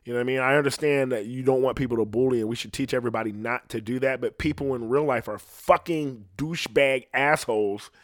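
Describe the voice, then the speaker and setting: A man's voice: mid-range voice, no echo, studio quality. A man doing a stand-up comedy monologue, rambling and swearing constantly. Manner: profane, rambling, fast.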